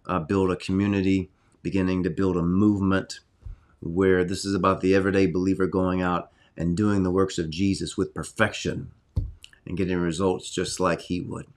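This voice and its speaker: Man, low voice, casual preacher, earnest, sudden loud emphasis, home study. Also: little pitch movement, moderate pace. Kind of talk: informal sermon to an online audience.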